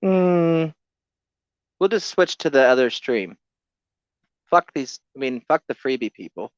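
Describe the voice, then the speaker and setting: A man's voice: mid-range voice, expressive, a little slow, smooth, no room sound, lo-fi sound. A man co-hosting a comedy podcast, musing aloud in rambling casual banter and laughing along.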